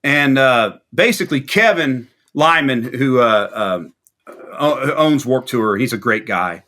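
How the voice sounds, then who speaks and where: A man's voice: mid-range voice, measured pace. A man guest on a video interview, telling a long rambling story and acting out the people in it. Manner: rambling anecdotal storyteller, animated quoting. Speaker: musician guest.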